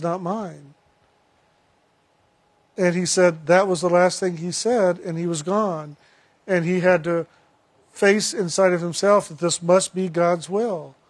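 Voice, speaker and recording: A man giving a sermon, telling a story in a slow, reflective way with retold dialogue. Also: high-pitched.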